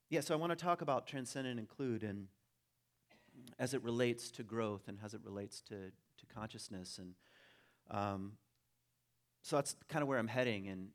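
A man giving a reflective talk in a casual, musing way, with frequent ums and dry humor. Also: mid-range voice.

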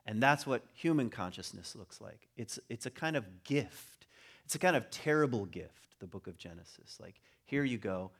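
A middle-aged man giving an informal talk on religion to a group, conversational and rising into animated emphasis. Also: fairly low pitch, moderate pace, breathy edge. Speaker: speaker on religion and home.

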